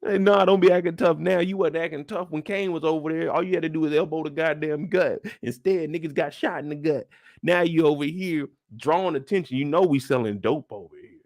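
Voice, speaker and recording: Animated man telling a profane story. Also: a little high, brisk, no room sound. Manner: animated, profane storytelling with sound effects and acted-out voices. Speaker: show host. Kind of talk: live after-show recap.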